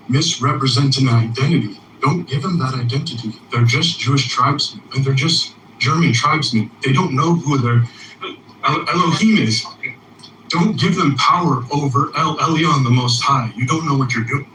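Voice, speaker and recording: An insistent man on a call-in, delivering sharp, bright declarations one after another. His voice is distant and echoey, with faint noise behind it. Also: mid-range voice, normal speed. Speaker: caller. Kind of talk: heated lecturing.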